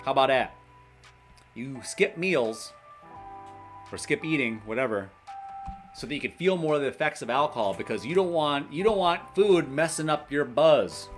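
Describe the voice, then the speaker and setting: A man's voice: medium pitch, lively intonation, moderate pace, long pauses, soft background music. A man hosting a casual livestream, reading a list aloud, laughing often and chatting with viewers. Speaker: livestream host in recovery.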